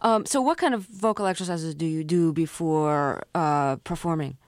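A woman's voice: deep voice, moderate pace, no room sound, clean studio sound. An American woman interviewing, asking curious, direct questions. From United States.

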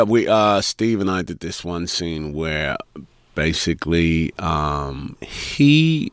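A British man, an actor guest, chatting casually in an interview, chuckling often and filling pauses with um and you know. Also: very deep voice, no echo, studio quality. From Britain. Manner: relaxed, chuckling, many ums and you-knows.

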